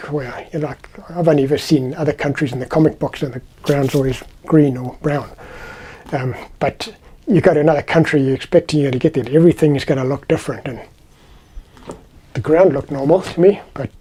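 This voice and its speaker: A man's voice: medium pitch, fairly even intonation, brisk, dark tone, a little hiss or hum. A middle-aged man from South Africa with a South African accent, chatting casually through personal anecdotes in a vlog. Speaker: vlogger. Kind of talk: casual storytelling.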